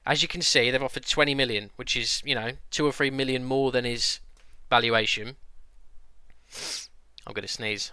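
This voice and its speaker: A young man talks through a football management game for his stream viewers, thinking aloud and now and then ranting at it. His voice is bright and forceful, and his pitch sits in the middle of the range for a man. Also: fairly even intonation, normal speed, clean tone, no echo. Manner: chatty, talks to viewers, rants and exclaims. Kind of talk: casual gameplay commentary.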